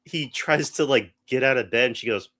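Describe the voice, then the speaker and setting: A man's voice: mid-range voice, fairly quick, sharp tone. A man co-hosting a podcast, chatting casually through a movie review, rambling with restarts. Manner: rambling, full of restarts and acted-out quotes. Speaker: podcast co-host.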